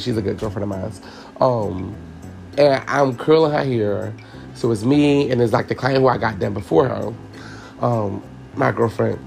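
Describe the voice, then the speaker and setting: A man with a mid-pitched, gravelly voice tells a personal story to his podcast listeners, candid and profane. He sounds tearful and keeps calling out to them as y'all. Faint music plays underneath. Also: a little mellow. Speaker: podcast host.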